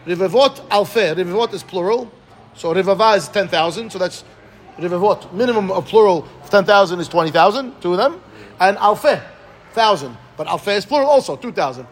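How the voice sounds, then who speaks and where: A man with a high-sitting voice teaches a Talmud class, reading the Aramaic and explaining it phrase by phrase in English. He's quick and animated, often checking in with listeners by asking "right?". There's a slight hiss or hum on the recording.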